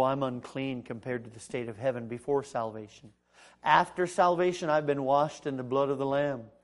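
High-voiced man preaching. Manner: preaching with swings between loud proclamation and quiet speech; acts out dialogue in the story. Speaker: pastor. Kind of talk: sermon.

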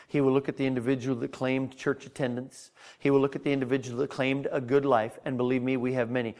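A man preaching a fervent evangelistic sermon to a congregation in a church, surging loud then dropping quiet, with many stammered restarts. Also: mid-range voice, flat delivery, quick pace, hardly any pauses. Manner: impassioned, swings between loud surges and quiet intensity, frequent stammered restarts.

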